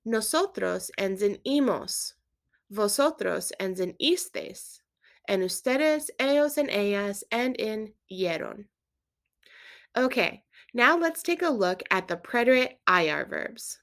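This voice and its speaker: A woman teaching a Spanish lesson with a clear, patient delivery. She walks through verb endings step by step and quizzes the listener. Her voice sits at a middle pitch. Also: expressive, slow, a bit bright. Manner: clear, patient instruction with quiz prompts. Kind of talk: scripted language lesson.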